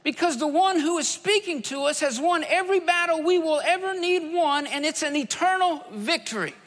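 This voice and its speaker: A man's voice: very high-pitched, normal speed, fairly bright tone. A man preaching a sermon, emphatic, repeating key phrases for stress. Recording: long hall reverb.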